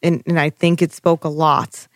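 A woman's voice: sits low, steady tone, normal speed, gravelly, dry recording, clean studio sound. A woman co-hosting a casual recap chat, chatty and emphatic, with lots of 'like' and crude jokes. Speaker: podcast co-host.

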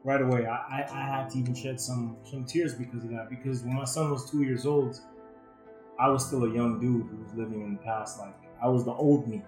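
An earnest man in his thirties speaks openly in a casual podcast chat. His voice sits at a middle pitch and rings in a roomy space, with faint music underneath. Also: steady tone, a little fast, a little mellow. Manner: earnest, emotional, casual slang. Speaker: guest. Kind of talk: candid podcast conversation.

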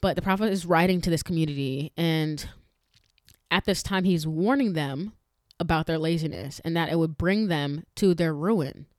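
A woman's voice: low-pitched, moderate pace, darkish tone, dry recording, clean studio sound. A woman hosting a faith-based podcast, talking earnestly and with emphasis, chatting directly to her listeners with frequent restarts. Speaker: podcast host.

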